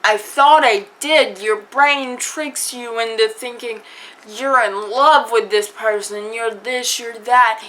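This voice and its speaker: A woman's voice: fairly high pitch, takes it slowly, pushed and bright, rough recording. A woman vlogger telling a personal story to camera in a chatty way, full of fillers and acted-out quotes. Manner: chatty, lots of fillers, acts out quoted dialogue. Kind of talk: casual storytime vlog.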